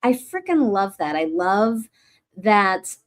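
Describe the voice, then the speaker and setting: A woman's voice: medium pitch, expressive, slow. A woman who mentions her acting teacher, a guest on a livestream, talking in an enthusiastic and gushing way. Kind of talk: casual chat.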